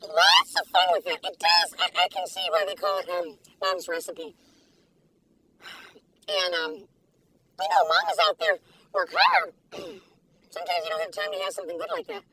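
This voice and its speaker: A woman taste-testing food in a casual vlog, talking in an excitable, giggly, gushing way. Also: very high voice, normal speed, gravelly, pauses often. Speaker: food reviewer. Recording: distant mic with faint background noise.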